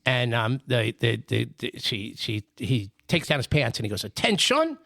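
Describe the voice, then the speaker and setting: A man's voice: mid-range voice, moderate pace, gravelly, fairly bright tone, dry recording, studio quality. A man co-hosting a podcast, telling rambling, self-amused jokes in casual banter. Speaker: podcast co-host, joke teller.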